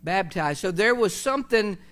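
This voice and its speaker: A pastor preaching a conversational sermon, full of fillers, restarts and asides to the congregation. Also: male voice, high voice, lively intonation, normal speed, fairly bright tone.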